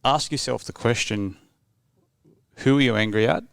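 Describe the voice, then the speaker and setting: A man's voice: medium pitch, moderate pace, creaky, smooth, no room sound, clean studio sound. A man in his thirties, a guest on a casual podcast, explaining earnestly and asking probing questions. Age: 30s. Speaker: podcast guest, men's work facilitator.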